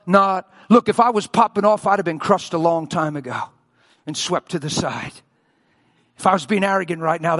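A man preaching a passionate sermon, telling stories, swinging between loud bursts and hushed lines. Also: a little high, breathy edge.

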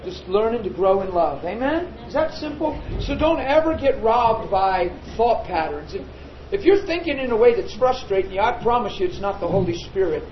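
A man's voice: high voice, lively intonation, moderate pace, slight background noise. Chatty pastor man in a roomy hall. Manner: chatty, joking with the congregation. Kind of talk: informal sermon. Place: meeting room with a congregation. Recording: roomy, dull sound with crowd behind.

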